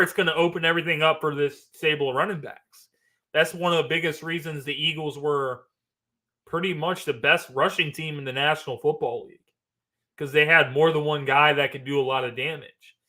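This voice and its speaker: Male sports talk host, emphatic fan take, bright forceful tone. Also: fairly high pitch. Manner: animated, emphatic, repeats phrases. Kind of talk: casual opinion commentary.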